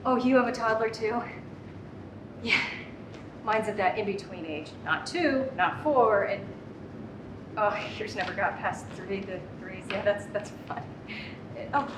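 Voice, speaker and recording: A high-pitched, flustered middle-aged mother, as a woman plays her on stage, stammering through restarts while juggling a call, her old mother and a toddler. The voice sits back from the mic in an echoey room. A steady noise runs under the live sketch recording. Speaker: comedic actor. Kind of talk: live comedy sketch monologue. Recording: roomy, distant, noisy live recording.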